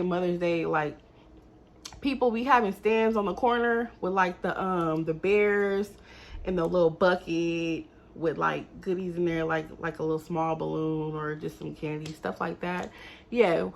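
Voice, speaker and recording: A young woman telling a story to her viewers in a casual, animated, exasperated way. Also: lowish voice, creaky.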